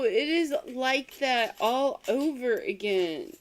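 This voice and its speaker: A woman co-hosts a casual livestream, speaking slowly and stopping to repeat her words. Her voice sits a little high. A clear steady noise runs behind her. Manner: halting, repeats and restarts words. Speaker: co-host. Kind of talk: casual chat.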